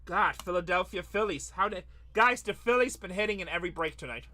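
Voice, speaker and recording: A man with a bright, forceful, somewhat high voice hosts a live card-break stream. He talks in a quick selling patter, reads off long lists, and teases his buyers. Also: animated. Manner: joking, teasing, rattles off lists. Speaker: sports card break host.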